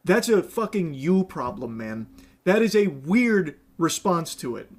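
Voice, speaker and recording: Man, commentator, exasperated, scolding, sarcastic, higher pitch. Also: very animated, measured pace. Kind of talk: reaction commentary rant.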